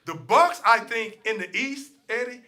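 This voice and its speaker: A man with a high, sharp, very bright voice, hosting a sports talk show. He rants his opinions hard, swears freely and circles back to the same points. His delivery is heated and talky. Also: a little slow. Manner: opinionated, ranting, profane, repeats himself.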